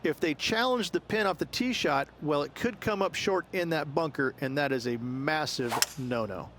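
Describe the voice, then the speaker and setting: Brief: measured golf analyst for a video game, explains each hole plainly, slightly high voice. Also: male voice, a bit bright, a little hiss or hum. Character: calm adult male golf course analyst. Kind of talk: scripted hole preview narration.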